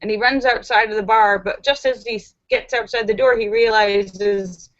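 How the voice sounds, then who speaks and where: A woman's voice: medium pitch, fairly even intonation, moderate pace, fairly bright tone, no room sound. A woman hosting a live stream, reading out viewer jokes and laughing at the punchlines. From Los Angeles. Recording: dull, dry home recording.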